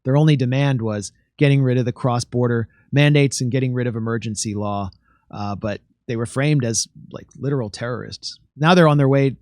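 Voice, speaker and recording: A man's voice: medium pitch, a little mellow, no room sound, clean studio sound. A man as guest commentator, talking politics earnestly in a casual chat. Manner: earnest, rapid, with restarts and fillers.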